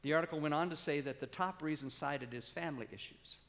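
A pastor in his sixties preaches a sermon in a slightly high, fairly bright voice, talking fast. His delivery climbs to emphatic peaks and then drops back low, with the long reverb of a church sanctuary around his words.

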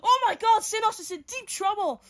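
A woman giving excitable play-by-play fight commentary, full of exclamations and counts. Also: extremely high pitch, brisk.

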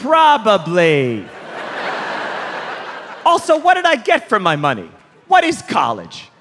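A man doing stand-up comedy on a large theater stage, animated and incredulous, often shouting his punchlines. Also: high-pitched, takes it slowly. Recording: live theater recording with crowd noise. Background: crowd laughing and applauding.

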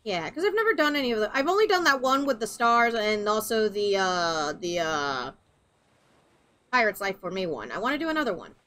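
A woman's voice: mid-range voice, sing-song, a little fast, pushed and bright. A woman chatting casually and rambling while playing a game with a friend. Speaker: gaming streamer. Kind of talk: casual gameplay chat.

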